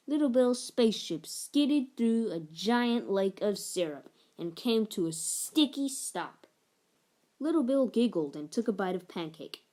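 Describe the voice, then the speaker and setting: A woman narrating a children's picture book aloud in an expressive storytelling manner. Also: fairly high pitch, unhurried. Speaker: storybook reader.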